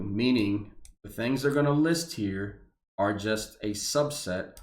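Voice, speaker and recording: A man's voice: lowish voice, unhurried, a little mellow. Pissed off guy ranting over some memo, swears a lot, trips over his words, roomy echo. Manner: heated, profane, stumbling restarts. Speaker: veteran reacting to a government memo. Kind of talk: angry ranting commentary. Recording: echoey room.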